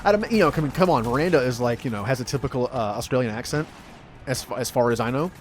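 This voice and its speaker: A man streaming a video game, chatting casually and excitably, yelping and laughing as he plays. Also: mid-range voice, fast talker, slight background noise. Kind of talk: casual gameplay commentary.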